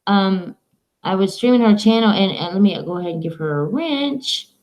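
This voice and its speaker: A woman's voice: medium pitch, animated, normal speed, a little mellow, low-quality recording. A woman streaming live from home, chatting in a rambling, casual way to her viewers and her dog.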